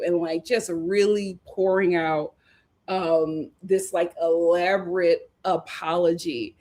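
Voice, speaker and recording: A woman's voice: fairly low pitch, measured pace, a little mellow. A woman in her thirties recapping a reality show in casual chat, laughing and acting out the cast members' lines. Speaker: host of a reality show review stream.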